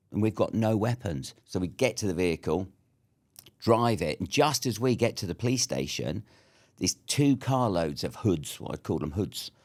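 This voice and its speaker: Deep british bloke, fifties, swears a lot telling his old army stories. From Britain. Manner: blunt, swears freely, lively anecdote telling. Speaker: guest. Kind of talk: storytelling in a podcast interview.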